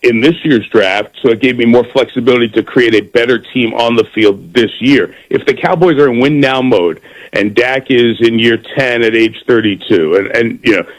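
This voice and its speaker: A middle-aged man, a football broadcaster, chatting as a guest in a radio interview, lively and given to repeating words as he starts a thought. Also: mid-range voice, normal speed, low-quality recording.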